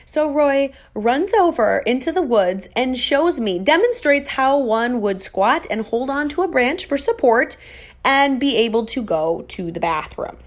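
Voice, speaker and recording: A woman's voice: high-pitched, unhurried. A young adult woman telling a story casually to viewers in a self-mocking way, acting out her own quoted lines. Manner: animated, self-mocking, acts out quoted dialogue.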